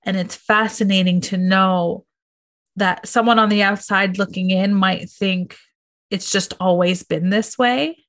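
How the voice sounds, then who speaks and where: A woman's voice: mid-range voice, steady tone, measured pace, fairly bright tone. A woman guest on a podcast, speaking in a reflective, thoughtful way. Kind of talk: casual podcast conversation.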